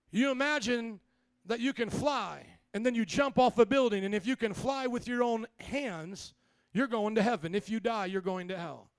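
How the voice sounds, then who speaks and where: Pastor guy preaching, real high voice, sassy call and response, dry mic. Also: smooth, no room sound. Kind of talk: sermon.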